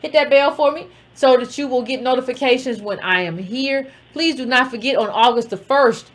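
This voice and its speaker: A woman host gives blunt political commentary in a loose, conversational way. Her voice sits a little higher than most. She talks to her viewers directly and familiarly. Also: normal speed. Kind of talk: casual direct-to-camera political talk.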